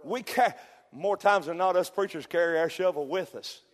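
A middle-aged man preaching a fervent revival sermon, swinging from loud peaks to hushed storytelling. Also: sits high, moderate pace. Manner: fervent, builds to shouted peaks then drops to hushed storytelling. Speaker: pastor. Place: church sanctuary. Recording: long hall reverb.

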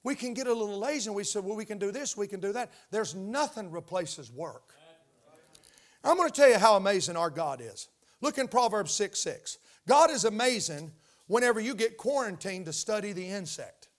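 Older man, pastor preaching in church, high voice, emphatic, asks the congregation questions. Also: lively intonation, moderate pace. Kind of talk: sermon. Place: church sanctuary.

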